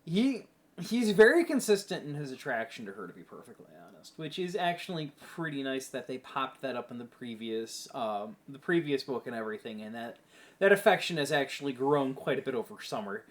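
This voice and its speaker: A man's voice: medium pitch, sing-song, a little fast. A man co-hosting a casual book podcast, talking in a rambling way full of fillers. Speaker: podcast co-host.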